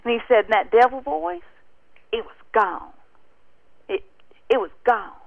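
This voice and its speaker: Gravelly woman telling stories on the phone. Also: on the high side, animated, unhurried, no room sound. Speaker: storyteller and guest. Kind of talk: casual storytelling over the phone. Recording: tinny phone line.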